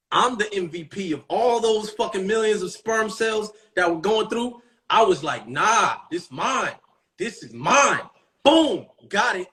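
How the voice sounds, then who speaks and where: Profane, swaggering man in casual monologue. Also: a little high. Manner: profane, swaggering and boastful, swinging between loud and hushed. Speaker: streamer talking to viewers. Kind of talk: casual live-stream monologue.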